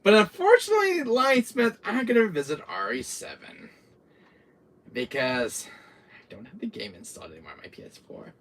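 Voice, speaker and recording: A man hosting a gaming channel, chatting casually about horror games, who swears freely and acts out scenes in little voices and hushed whispers. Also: high-pitched, very animated, moderate pace, recorded from a distance.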